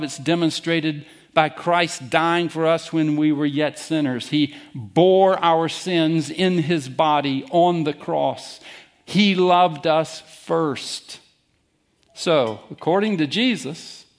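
Slow, emphatic preaching man. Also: fairly high pitch. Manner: emphatic, deliberate preaching with direct challenges to listeners. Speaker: pastor. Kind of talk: sermon.

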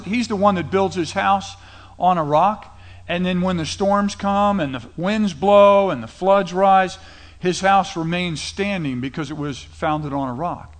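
Middle-aged male pastor, high-pitched, casual storytelling sermon delivery. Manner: conversational preaching, retells scripture in casual paraphrase.

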